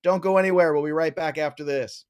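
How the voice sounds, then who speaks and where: A man's voice: a little high, steady tone, fast, clear, resonant tone. A man hosting a live stream Q&A, reading viewer questions with playful, joking banter.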